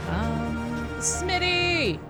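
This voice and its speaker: Slow-talking woman streamer, game music behind. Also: fairly high pitch, big pitch swings. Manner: profane, playful, with sudden loud outbursts. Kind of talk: live gameplay commentary.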